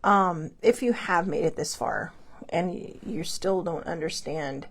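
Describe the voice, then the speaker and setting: Woman, host, casual talk, grieving, tearful, rambling, halting restarts. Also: on the low side, breathy edge.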